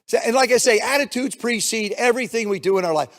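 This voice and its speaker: Older man with a high voice giving a keynote in a reverberant hall. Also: quick pace. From United States. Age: 70s. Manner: storytelling, animated, acts out dialogue. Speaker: keynote speaker. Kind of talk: motivational keynote speech.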